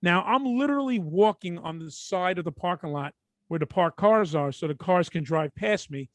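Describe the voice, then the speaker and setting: A man from Brooklyn, co-hosting a podcast and telling an animated, profane story that acts out the people in it. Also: sits high, normal speed, dry recording. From Brooklyn, New York. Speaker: podcast co-host.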